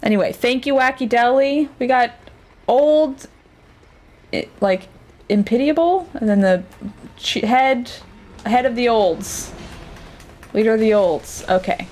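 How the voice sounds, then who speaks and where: A woman's voice: on the high side, measured pace, a little mellow. A woman streamer chatting casually and reacting aloud as she plays a game. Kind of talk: casual let's-play commentary.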